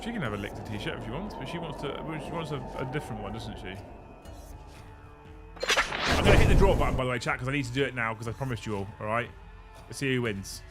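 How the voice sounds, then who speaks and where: A man's voice: medium pitch, expressive, fast, long pauses, loud music behind the voice. A young man hosting a live stream, thanking viewers, joking, swearing and laughing often. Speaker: livestream host. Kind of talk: casual live-stream chat.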